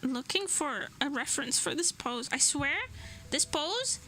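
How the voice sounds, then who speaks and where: High, very bright giggly woman. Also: lively intonation, measured pace, slight background noise, low-quality recording. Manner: giggly, laughs between almost every phrase. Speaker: streamer and illustrator. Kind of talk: casual chat while drawing on stream.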